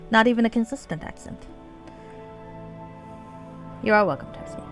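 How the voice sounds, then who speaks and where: A woman's voice: on the high side, normal speed, music in the background. Chatty woman streaming a game. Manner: chatty, reads dialogue aloud, laughs easily. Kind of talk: casual game commentary and reading.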